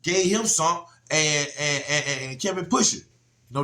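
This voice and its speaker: A man, from Georgia, telling a personal story in a casual, animated way, often asking "you know what I'm saying". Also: fairly high pitch, normal speed. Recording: roomy echo.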